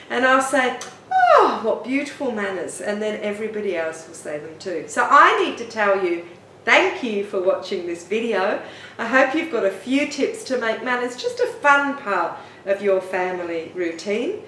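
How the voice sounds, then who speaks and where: A middle-aged woman, a parenting author and teacher, giving parenting tips in a gentle, encouraging way. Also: mid-range voice, distant mic, a little hiss or hum. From Australia. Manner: gentle, encouraging, expressive storytelling. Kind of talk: talking-head parenting tips. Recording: roomy room, mic set back, faint ambience.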